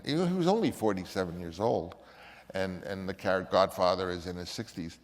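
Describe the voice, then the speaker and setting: A man's voice: lowish voice, moderate pace, in a large hall. Older man rambling through anecdotes. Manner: rambling, with many restarts and acted quotes. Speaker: film director telling stories. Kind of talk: casual anecdote.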